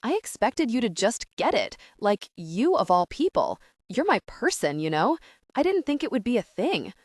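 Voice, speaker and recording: A teenage girl in an audiobook, hurt yet steady, with a gently reproachful, measured way of speaking, as a woman reads her. Her lines move with lively pitch. The recording is dry and close. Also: no room sound. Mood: candid. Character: hurt but composed teenage girl, candid. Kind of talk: audiobook character reading.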